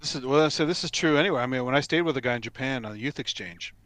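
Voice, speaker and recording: A man's voice: medium pitch, very fast, a bit bright, no echo. A man on a video call, telling anecdotes in a chatty, restarting way. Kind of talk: casual chat on a video call.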